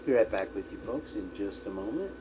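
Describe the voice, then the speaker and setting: A man's voice: on the low side, animated, a little fast, noisy background. A man hosting a casual livestream who wanders from topic to topic, swears freely and keeps losing his train of thought. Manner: meandering, profane, loses his train of thought. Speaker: livestream host. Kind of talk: rambling casual livestream chat.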